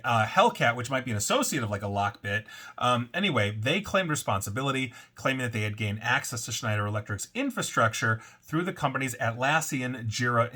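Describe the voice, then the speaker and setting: A man hosts a casual solo show on data breaches, with a bright, forceful voice at a middle pitch. He rambles a little, stacking fillers and correcting himself as he goes. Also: husky. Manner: reads quotes aloud in a put-on French accent.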